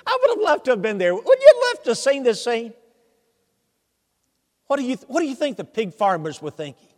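A man's voice: very high-pitched, big pitch swings, fairly quick. A man preaching a sermon, telling the story animatedly with humor and asking the congregation questions. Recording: long hall reverb.

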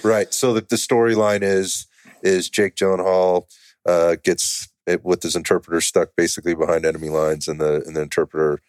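A man hosting a podcast, relaxed, who laughs along and chimes in with quick affirmations. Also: low voice, clear, resonant tone, no room sound, studio quality. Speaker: podcast host. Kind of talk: casual interview chat.

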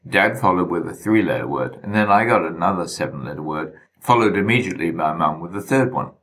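A man reads his memoir aloud, wry and deadpan. His voice sits very low, yet his delivery rises and falls with lively expression. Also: fairly quick. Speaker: narrator. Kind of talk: memoir reading.

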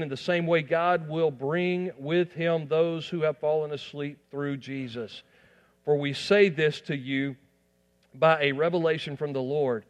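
A man pastor preaching a sermon, building to emphatic peaks and dropping to quiet asides. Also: on the high side, in a large hall, lo-fi sound.

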